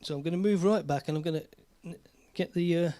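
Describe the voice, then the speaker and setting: A British man hosting a casual live stream, chatty and jokey, slightly hoarse from a cold. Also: fairly high pitch, quick pace, mellow.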